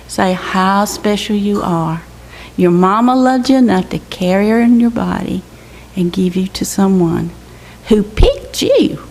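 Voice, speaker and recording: Gravelly older woman testifying. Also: mid-range voice. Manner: earnest, exhorting. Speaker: mission team member reporting to her church. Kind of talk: church testimony. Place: church sanctuary. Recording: echoey church hall with faint hiss.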